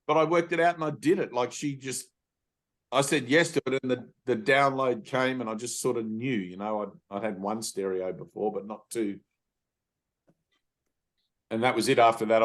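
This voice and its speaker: A man leading a satsang, telling personal stories in a casual, animated way. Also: medium pitch. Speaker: spiritual teacher. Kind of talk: satsang talk.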